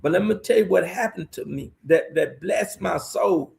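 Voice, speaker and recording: A middle-aged man, testifying as a pastor guest on a live show. His voice sits high and has a heavy gravelly rasp. He preaches in a storytelling way, urging listeners to "watch this here.". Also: animated, moderate pace, darkish tone. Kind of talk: emotional testimony.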